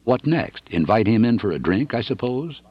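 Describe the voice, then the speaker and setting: A man's voice: medium pitch, sing-song, moderate pace, breathy edge, dull audio, voice pushed up. A man voicing a dry, sardonic male astronomer who talks in a somber, wordy way, in an audiobook. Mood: sarcastic.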